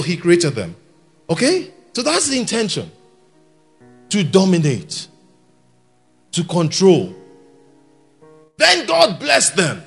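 A man, preaching a sermon in an animated way, shouting his key points and laughing along with the congregation. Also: high voice, vocal fry, slightly rough. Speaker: guest preacher. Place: church hall with an audience.

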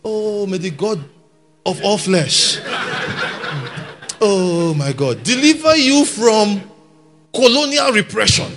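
A man, preaching a sermon in an animated way, shouting his key points and laughing along with the congregation. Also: high voice, takes it slowly, pauses often, music in the background. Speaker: guest preacher. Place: church hall with an audience.

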